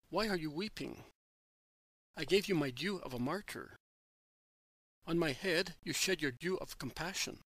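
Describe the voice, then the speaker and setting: A man reading the words of the risen Jesus in a slow, solemn devotional voice. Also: fairly high pitch, fairly bright tone, no room sound, rough recording. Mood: tender.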